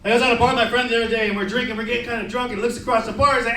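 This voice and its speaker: A man's voice: very high-pitched, fairly even intonation, racing, bright, forceful tone, slight background noise. A man in his thirties doing a stand-up comedy set, talking casually and profanely with lots of "bro" and "man.". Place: comedy club stage. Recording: echoey club heard from a distance. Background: laughing audience.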